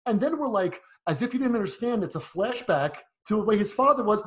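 A man co-hosting a casual film podcast, talking fast and picking the movie apart point by point. His voice sits a little high for a man, and he rattles through his argument with a sceptical edge. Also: animated, fairly bright tone. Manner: quick, argumentative, critical. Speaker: podcast co-host.

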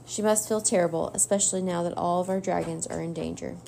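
A woman reading the part of a kind young boy who speaks gently and encouragingly. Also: fairly low pitch, fairly even intonation, quick pace, vocal fry, slight background noise. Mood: gentle. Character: kind young boy dragon master, reassuring.

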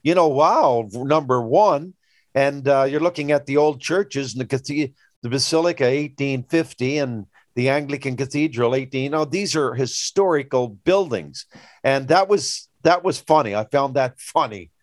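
A man's voice: medium pitch, normal speed, dry recording. Rambling older man. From Newfoundland, Canada. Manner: rambling storyteller, animated when retelling anecdotes. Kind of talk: casual chat.

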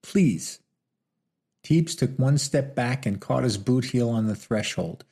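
A man giving steady audiobook narration of a Western novel. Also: medium pitch, moderate pace, vocal fry, breathy edge. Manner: steady, storytelling.

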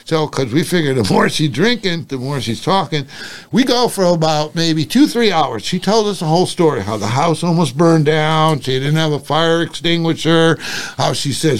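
A man's voice: fairly high pitch, very animated, moderate pace. An older man, a guest who was once a cop and private investigator, telling stories casually. He acts out the dialogue and swears casually. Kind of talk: casual storytelling.

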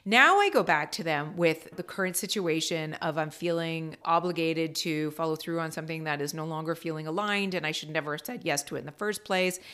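A woman coach telling a candid, reflective personal story in a casual vlog, swearing now and then, with her pitch jumping up when she gets animated. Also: smooth. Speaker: ADHD coach.

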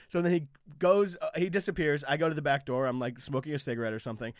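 A man's voice: medium pitch, very fast, hardly any pauses, dry recording, studio quality. A young man and comedian telling a long anecdote in a rambling, casual way on a podcast. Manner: rambling, animated anecdote-telling with many fillers. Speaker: comedian and guest. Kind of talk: casual storytelling chat.

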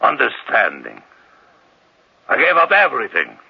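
A man's voice: huge pitch swings, full character voice. An actor playing an aging male dictator, mocking and self-pitying, in an old radio drama. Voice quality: deep gravelly voice, slow deliberate delivery. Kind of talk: 1940s-50s radio drama acting. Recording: dull lo-fi old radio recording.

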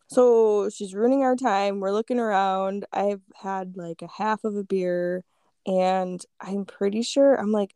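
A woman's voice: medium pitch, steady tone, normal speed, warm tone, dry recording, studio quality. A woman telling a story in casual chat, laid-back, with lots of "like" and free swearing.

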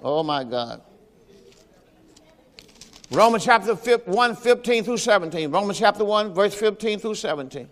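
High-voiced male pastor preaching in reverb. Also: animated, normal speed, long pauses, fairly bright tone. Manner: folksy preaching with scripture quotes and rhetorical questions. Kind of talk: sermon. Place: church during Sunday service.

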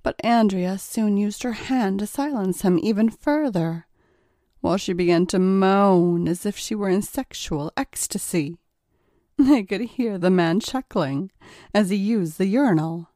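A woman narrating an erotic story in a calm, measured storytelling manner. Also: mid-range voice, no room sound, studio quality.

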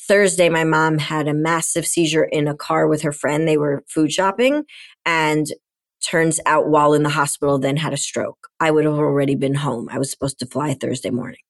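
A middle-aged woman, a podcast guest and coach, telling a candid, emotional personal story in conversation. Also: deep voice.

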